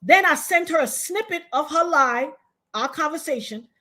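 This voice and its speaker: A woman's voice: sits high, lively intonation, moderate pace, sharp tone. A woman being interviewed who tells her story in a blunt, emphatic, profane way. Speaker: guest.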